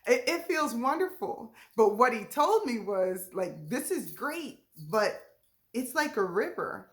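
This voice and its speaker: A woman delivers a heartfelt inspirational message. Her voice sits a bit high and she talks slowly and unhurriedly. She sounds moved, close to tears, with soft laughter breaking into her words. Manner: heartfelt, laughing through tears, Southern-tinged casual speech. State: emotional, near tears. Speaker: ministry leader.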